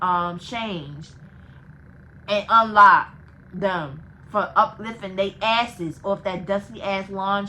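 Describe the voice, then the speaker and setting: A young woman vlogger telling a casual storytime, animated and profane, laughing between phrases. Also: medium pitch, slight background noise, poor audio.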